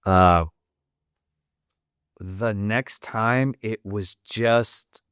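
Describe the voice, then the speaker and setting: A man's voice: on the low side, very slow, a bit bright, clean tone, no room sound, clean studio sound. A man in his forties, a Marine veteran guest on a podcast, telling war stories in a blunt, profane, matter-of-fact way. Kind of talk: casual war storytelling.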